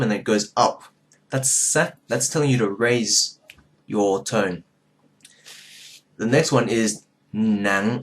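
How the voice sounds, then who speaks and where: A man from southern Vietnam giving a casual video lesson as a language teacher, talking loosely with many fillers and swinging his pitch up and down to show tones. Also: a bit bright.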